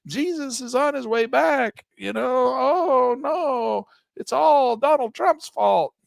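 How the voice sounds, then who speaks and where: A man putting on the voice of a hysterical investor who thinks the market crash means doom, in a shrill, drawn-out wail. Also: gravelly, dry recording, clean studio sound, full character voice. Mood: panicky. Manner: shrieking, drawn-out wailing. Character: panicking male investor, hysterical and doom-crying.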